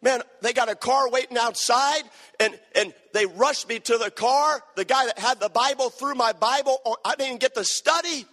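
A man preaching, telling a story with animated bursts of shouting and hushed stretches. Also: extremely high pitch, moderate pace, hardly any pauses. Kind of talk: sermon storytelling. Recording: long hall reverb.

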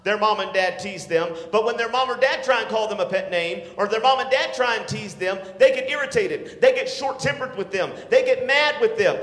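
A man preaching a sermon to teenagers, swinging from shouts to hushed tones and calling for responses. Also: high voice, fairly quick, few pauses. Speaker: youth pastor. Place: church sanctuary. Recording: echoey hall.

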